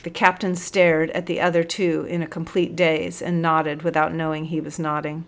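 A woman reading a storybook aloud in a steady, expressive narration. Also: deep voice, moderate pace.

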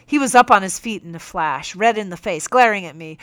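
A young woman narrating a first-person audiobook in a measured, firm, teacherly way. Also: medium pitch, expressive, a bit bright, no room sound. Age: young adult.

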